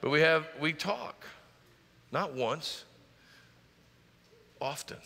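A man's voice: fairly high pitch, drawn-out words, gravelly, sharp tone, in a large hall. A middle-aged man preaching a sermon as pastor, driving points home with rising emphasis and joking asides. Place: church sanctuary.

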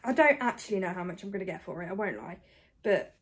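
A woman from the UK chatting casually to camera about her thrift finds, fast and self-deprecating, a bit out of breath. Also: medium pitch, animated. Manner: chatty and self-deprecating, talks fast with many ums and likes. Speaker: reseller vlogger. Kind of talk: casual haul chat to camera.

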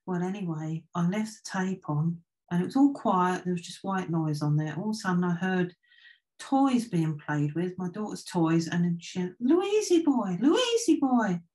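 A woman with a somewhat low voice recounts stories as a guest. She talks in a relaxed, anecdotal manner and often stops to restart a thought. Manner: anecdotal, unhurried, with filler restarts. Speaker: trance medium, guest. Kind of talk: casual storytelling in conversation.

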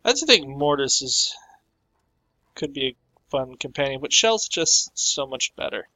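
A man casually commenting on his own playthrough of a video game, offhand and relaxed. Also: medium pitch, unhurried, low-quality recording. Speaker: gamer. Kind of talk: let's play commentary. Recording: voice over game audio with faint music.

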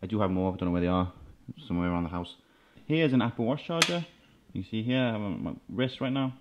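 A man's voice: on the low side, animated, fast talker, muffled recording, a little hiss or hum. A man casually showing off his gaming setup in his room at home, talking in a laid-back, rambling way. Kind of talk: casual show-and-tell.

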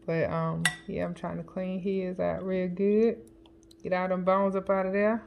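A woman chatting casually as a home cooking vlogger, counting her seasoning shakes out loud and joking with family off camera. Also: fairly low pitch, level tone, unhurried, gravelly, lo-fi sound, a little hiss or hum. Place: home kitchen. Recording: kitchen clatter of dishes and utensils.

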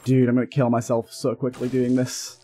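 Excitable man playing a game. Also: mid-range voice, a little fast, slightly rough, soft background music. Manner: excitable, frustrated outbursts and swearing. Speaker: gaming YouTuber. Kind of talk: let's play commentary.

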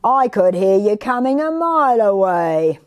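A woman voicing a bored, sleepy bat in a picture book, slow and yawning. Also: medium pitch, very animated, no room sound.

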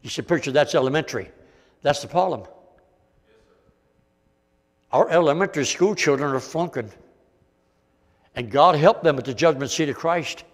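Male preacher, folksy sermon, loud-soft swings, highish voice, big reverberant church. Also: normal speed, long pauses.

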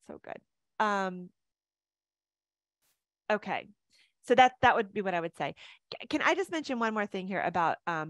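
Woman, 50s, mindset coach; chatty, animated webinar delivery, dry close sound. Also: medium pitch, no echo. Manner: animated, chatty, laughs easily.

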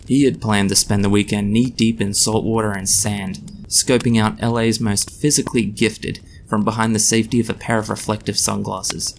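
A man reading his own story aloud in a measured, dry narration. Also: fairly low pitch, little pitch movement, vocal fry, a little hiss or hum.

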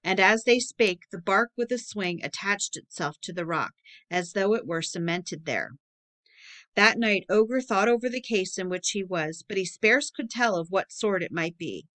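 Woman, audiobook narrator, steady measured reading, old book read aloud, middle pitch.

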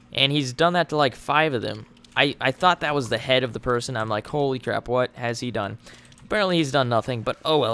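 Excitable man narrating a game. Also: medium pitch, clear, resonant tone. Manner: excitable, frequent exclamations. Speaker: gamer. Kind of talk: let's play commentary. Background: game music.

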